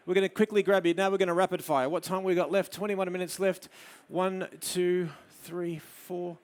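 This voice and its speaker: Australian male presenter, fairly high voice, live photo demo, drops to soft murmurs when directing the model. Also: steady tone, fairly quick, hardly any pauses, clean tone. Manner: coaxing a model with soft murmured praise between explanations. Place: studio demo before an audience.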